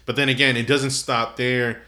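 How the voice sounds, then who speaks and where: A man with a bright, forceful voice co-hosts a casual podcast. He rambles loosely and swears often, sounding half asleep. His talk is full of fillers and restarts. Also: medium pitch, level tone, moderate pace. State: sleepy. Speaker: podcast co-host.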